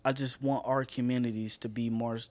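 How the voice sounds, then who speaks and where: A man's voice: medium pitch, flat delivery, a little fast, a little mellow, no echo. A man co-hosting a casual podcast, ranting passionately and swearing a lot. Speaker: podcast co-host.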